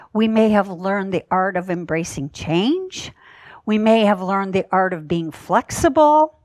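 A woman giving a spiritual sermon in a gentle, measured way, stressing words in lists. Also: mid-range voice, no room sound. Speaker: minister.

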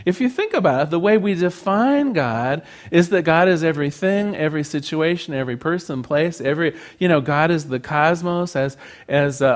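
A man giving a conversational sermon to a congregation, joking and animated as he speaks. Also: fairly high pitch. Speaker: speaker at a spiritual service.

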